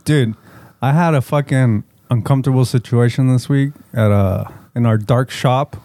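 A man's voice: medium pitch, normal speed, dark tone, no room sound. A man telling a rambling, profanity-heavy story in casual chat, slipping into Spanish slang. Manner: rambling, swears a lot, mixes Spanish slang. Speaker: podcast co-host telling a story.

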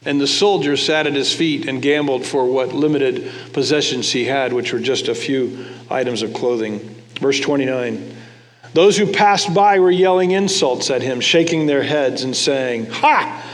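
In a large hall, a pastor with a somewhat high voice delivers a conversational sermon, reading scripture and putting questions to the congregation.

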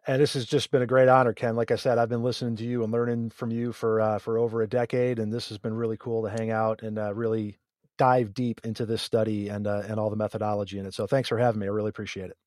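A man, a guest emergency physician on a podcast, explaining his reasoning in a measured way. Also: fairly low pitch, flat delivery, a little mellow, no room sound, clean studio sound. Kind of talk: podcast discussion.

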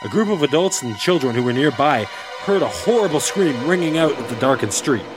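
A man's voice: on the high side, expressive, a little fast, over loud music. A man hosting a casual podcast and reading a story aloud with playful humor. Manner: playful, laughs often. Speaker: podcast host.

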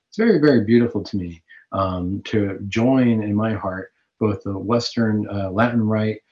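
A Catholic radio host with a low-ish, slightly mellow voice delivers an earnest, preaching talk-show monologue. He uses fillers and restarts his sentences, and the sound is dull and lo-fi.

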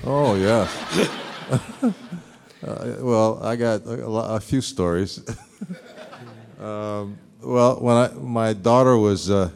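A low-voiced man speaks slowly and unhurriedly as a celebrity panel guest. His talk is halting and full of "uh"s, with chuckles running through his stories. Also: creaky, a little mellow. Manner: halting, many "uh"s, chuckles often. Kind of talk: casual stage Q&A. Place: large half-full stadium stage.

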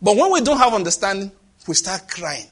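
Animated preacher, husky and high. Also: male voice, fairly quick. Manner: animated, dramatic, acts out voices and sound effects. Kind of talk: sermon.

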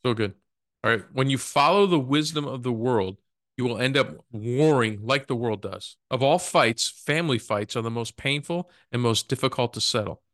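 A man's voice: mid-range voice, moderate pace, a bit bright, dry recording. Affirming male co-host, dry sound. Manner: affirming, brief replies. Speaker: podcast co-host. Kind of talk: reading a Bible study aloud.

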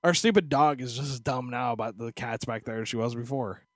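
A man co-hosting a podcast, telling stories in casual chat, animated and profane, slipping into voiced asides. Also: medium pitch, fairly quick, no echo, studio quality. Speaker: podcast co-host.

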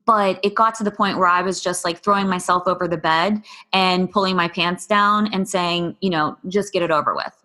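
A woman's voice: fairly low pitch, steady tone, moderate pace, few pauses, bright, forceful tone. A woman, a podcast guest, speaking candidly and bluntly about her own hard experiences, swearing freely and quoting past conversations. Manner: raw, blunt, swears freely, quotes herself and others.

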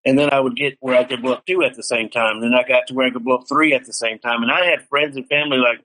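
A man's voice: mid-range voice, fairly even intonation, fast, hardly any pauses, bright, forceful tone, rough recording. A middle-aged man earnestly telling his life story in an interview, acting out the dialogue he quotes. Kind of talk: personal testimony in an interview.

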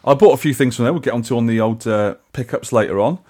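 A man co-hosting a casual podcast talks quickly, tumbling through his stories with frequent restarts. His voice sits at an ordinary middle pitch. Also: dark tone. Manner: chatty, rambling with restarts. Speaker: podcast co-host. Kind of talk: casual chat.

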